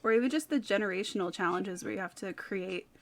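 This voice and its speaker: A woman's voice: mid-range voice, fast talker. A woman in her thirties from California with a light Californian accent, chatting casually as a streamer, rambling and giggling between fillers. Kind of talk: casual chat.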